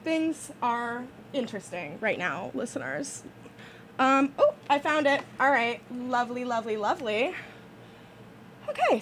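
Brief: young woman radio DJ, breathless, slightly shrill, rambling and lively. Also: slight background noise. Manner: rambling, filler-heavy, self-deprecating. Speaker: college radio DJ. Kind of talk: casual on-air chat. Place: radio studio. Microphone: studio microphone.

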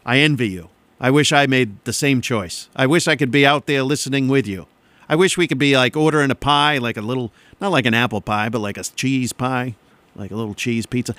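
A man's voice: medium pitch, a little fast, fairly bright tone, no room sound. Male radio DJ, loose joking patter, dry studio sound. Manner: joking, rambling, self-mocking. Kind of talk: rambling on-air chat between songs. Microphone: studio mic.

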